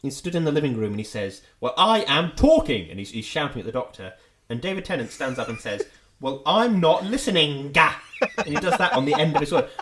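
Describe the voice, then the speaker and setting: Animated man ranting casually. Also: medium pitch, quick pace, slight background noise. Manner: animated, exasperated, laughing rants. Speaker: podcast co-host. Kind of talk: casual chat.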